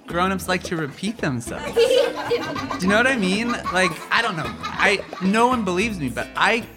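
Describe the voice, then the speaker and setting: A man doing a kids' stand-up comedy set in a rambling, halting, self-deprecating way. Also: sits high, animated, loud music behind the voice.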